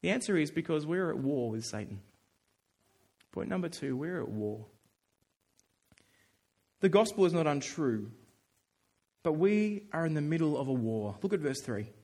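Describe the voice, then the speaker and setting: A male pastor preaching a sermon, telling a personal story in an animated, earnest way and acting out his own thoughts. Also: on the high side, normal speed, long pauses. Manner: earnest and emphatic.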